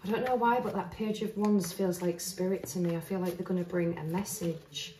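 A woman's voice: lowish voice, steady tone, normal speed, mellow, slight background noise. Woman, tarot reader, chatty and earnest, thinking aloud, roomy reverb, distant mic. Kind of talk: casual spoken tarot reading. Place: indoors, standing at a table of cards. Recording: roomy echo, voice heard from a distance.

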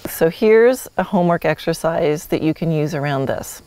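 A woman's voice: low-pitched, expressive, normal speed, darkish tone, a little hiss or hum. A woman hosting a solo podcast, teaching horsemanship in a friendly, instructive way with light laughs.

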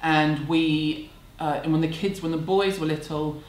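A woman's voice: deep voice, fairly even intonation, measured pace, a little mellow. A woman, answering viewer questions at home in a candid, chatty, self-deprecating way. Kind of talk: casual chat. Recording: echoey room, faint background hum.

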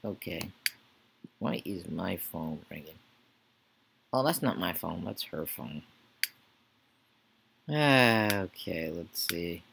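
A Let's Play gamer offers casual commentary, mumbling to himself and talking to the characters on screen. His low voice has vocal fry and lively intonation, moving slowly with long pauses. Background noise is present.

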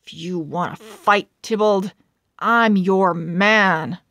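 A woman's voice: medium pitch, measured pace, fairly bright tone, no room sound, studio quality, natural voice. A woman voicing a brash, mocking young male swordsman in a storybook read-aloud, with a sarcastic, teasing delivery. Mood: defiant.

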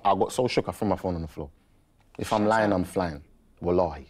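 Deep-voiced young man telling a story. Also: brisk. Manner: animated, slangy, repeats himself for effect. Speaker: podcast guest. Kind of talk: storytelling in a podcast interview.

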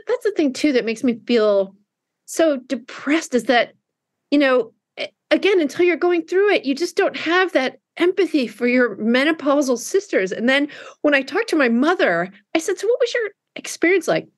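A middle-aged woman author being interviewed, telling candid stories in a lively way with frequent restarts. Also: high-pitched, no room sound, clean studio sound. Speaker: author guest. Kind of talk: conversational interview.

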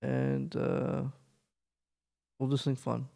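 A man's voice: mid-range voice, slow pace, gravelly, dark tone. Laid-back male streamer signing off. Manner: laid-back, talking to chat. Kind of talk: casual gaming stream chat.

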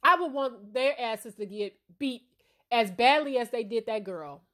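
Woman, commentary host, fairly high voice, blunt, emphatic, casual opinion talk. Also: animated, measured pace, fairly bright tone. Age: adult parent. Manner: blunt and emphatic, checks in with "all right?".

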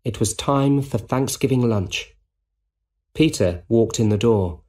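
Slow husky male storyteller. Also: medium pitch, mellow. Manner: clear, deliberate reading. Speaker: narrator. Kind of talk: slow storybook reading for English learners.

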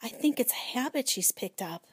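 A woman reading aloud and voicing a gentle, patient schoolteacher in a children's storybook. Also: a little high, lively intonation, brisk, husky, no room sound, clean studio sound, voice pushed up. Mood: calm.

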